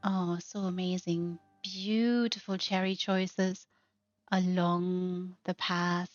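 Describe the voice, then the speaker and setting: A woman's voice: on the low side, level tone, takes it slowly, no echo, muffled recording, soft background music. A woman hosting a narrated house tour, gushing with effusive praise. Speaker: host.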